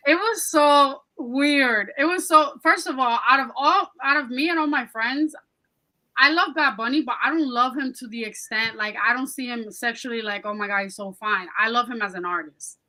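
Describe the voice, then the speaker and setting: A woman with a bright, fairly high voice chats on a podcast. She tells a story with lots of energy and swears freely. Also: moderate pace, low-quality recording. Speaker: podcast co-host. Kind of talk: casual chat.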